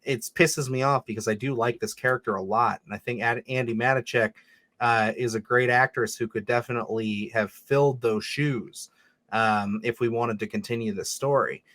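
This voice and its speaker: A man's voice: mid-range voice, fairly even intonation, moderate pace, a bit bright, no echo. Man, podcast co-host, casual profane film talk, bone-dry close mic. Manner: blunt and profane, rambling with many fillers. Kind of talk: casual film-review chat.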